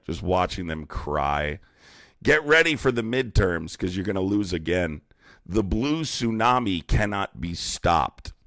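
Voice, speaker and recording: A man's voice: low-pitched, no echo, studio quality. A man hosting a heated live-streamed debate, mocking and profane as he argues with callers. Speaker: livestream debate host.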